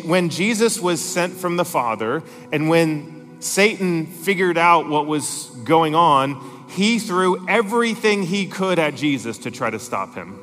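A man's voice: fairly high pitch, a bit bright. A man preaching a sermon, reading scripture aloud with emphatic, rising intensity. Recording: long reverb in a large hall, faint music.

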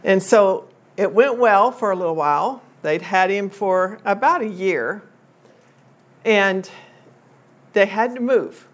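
Older woman telling a family story. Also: medium pitch. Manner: chatty, unhurried, with many um fillers and restarts. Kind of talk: personal storytelling to an audience.

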